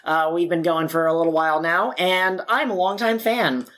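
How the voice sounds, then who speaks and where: A man's voice: on the high side, steady tone, fairly bright tone. Playful, jokey male podcast host. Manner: jokey, playful banter with filler pauses. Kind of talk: comedic podcast chat.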